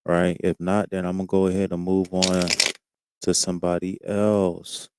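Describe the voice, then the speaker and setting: A man's voice: deep voice, little pitch movement, measured pace, noisy background. A man hosting a live tarot stream, chatting casually in a laid-back, slangy way and reading out viewers' comments.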